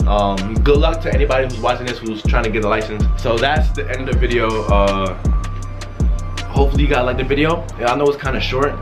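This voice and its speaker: A young man telling a casual storytime vlog, excited and rambling, restarting his sentences often. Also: mid-range voice, quick pace, music in the background. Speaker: vlogger. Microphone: wearing a mask while talking.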